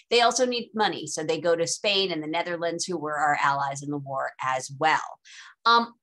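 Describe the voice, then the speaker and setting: A woman's voice: medium pitch, sharp tone. A woman teaching a casual live online lecture, talking informally and chattily with dry, sarcastic asides.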